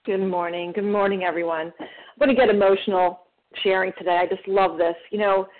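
A woman's voice: mid-range voice, steady tone, brisk. A woman sharing at a recovery meeting, telling a parable and acting out the voices of the people in it. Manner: storytelling, acts out voices in a parable. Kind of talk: emotional recovery share. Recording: phone-line call audio.

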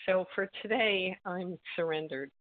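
A woman from Israel giving an earnest, halting personal share at a recovery meeting, often pausing with fillers and clearing her throat. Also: fairly low pitch, no echo. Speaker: meeting member sharing. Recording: tinny phone-like call audio.

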